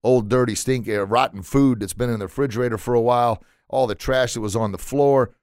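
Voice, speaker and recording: A man's voice: medium pitch, fairly even intonation, fast talker, a little mellow, smooth, no room sound, clean studio sound. A man and former teacher giving a casual motivational talk, earnestly repeating words as he searches for them and animatedly acting out how children react.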